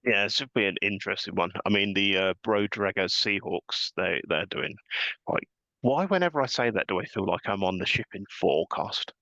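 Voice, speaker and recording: A man hosting a casual podcast chat, relaxed and rambling, chuckling often. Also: low voice, a little fast, no room sound. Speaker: podcast host. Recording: dull lo-fi sound.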